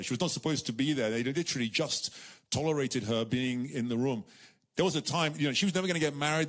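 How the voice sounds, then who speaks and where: A middle-aged man delivering a church sermon. He tells the story with animated repetition and switches into the voices of its characters as he goes. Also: mid-range voice. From United Kingdom. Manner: animated storytelling, repeats words, acts out voices. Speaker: preacher.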